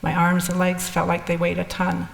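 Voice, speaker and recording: Older woman, gravelly voice in an echoey hall. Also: lowish voice, completely flat delivery, normal speed. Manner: candid, rambling with restarts. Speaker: speaker sharing experiences. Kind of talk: personal storytelling talk. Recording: echoey hall with long reverb.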